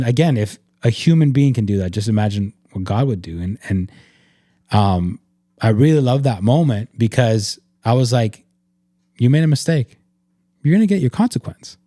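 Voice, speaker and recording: On a casual faith podcast, a host with a warm, mellow, low-leaning voice speaks earnestly and reflectively, leaning heavily on the filler "like" in loose sentences. The recording is dry, with no echo or room around it.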